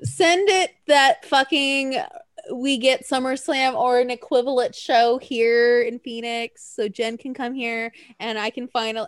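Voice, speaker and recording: A young woman co-hosting a casual podcast, animated and laughing often, swearing freely. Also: on the high side, moderate pace, no room sound, studio quality. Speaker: podcast co-host. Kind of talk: casual chat.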